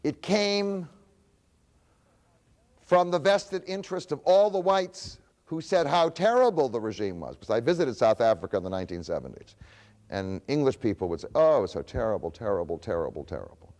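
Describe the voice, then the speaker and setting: A man's voice: on the high side, expressive, normal speed, darkish tone, big-room sound. A man giving a public lecture, who poses rhetorical questions and answers them himself.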